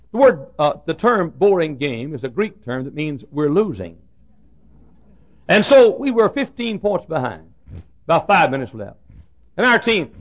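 A man preaching a sermon, telling a folksy story in an animated way that builds suspense. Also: a little high, creaky. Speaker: pastor. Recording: dull lo-fi sermon recording.

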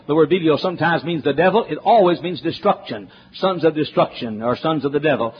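Folksy high-voiced preacher. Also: male voice, fairly quick, few pauses, slightly rough. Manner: folksy, joking asides, building to emphatic. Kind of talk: sermon. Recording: dull lo-fi with faint noise.

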